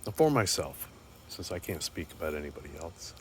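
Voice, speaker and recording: A man with a fairly low voice talks in an earnest, rambling way, repeating words as he gathers his thoughts. It sounds like a casual, unscripted monologue. Faint background noise sits under the voice. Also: very animated, fairly quick. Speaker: speaker sharing life reflections.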